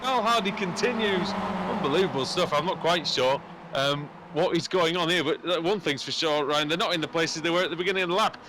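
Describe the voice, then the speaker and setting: A high-pitched man calls a sim race as lead commentator, jumping in excitedly whenever cars collide. A steady hiss of noise runs beneath his voice. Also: fast. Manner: excitable, rising sharply at incidents.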